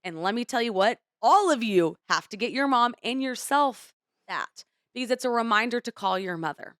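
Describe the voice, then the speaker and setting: A woman's voice: fairly high pitch, expressive, moderate pace, fairly bright tone, no echo, studio quality. A young adult woman co-hosting a podcast in casual chat, candid and rambling as she opens up. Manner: candid, rambling, emotional retelling. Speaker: podcast co-host.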